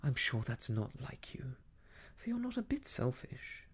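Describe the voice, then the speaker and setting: A man voicing a gentle, earnest young woman in a whispered role-play, speaking softly and sincerely. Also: medium pitch, sing-song, a little slow, vocal fry, slightly rough, full character voice. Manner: soft, sincere and quiet.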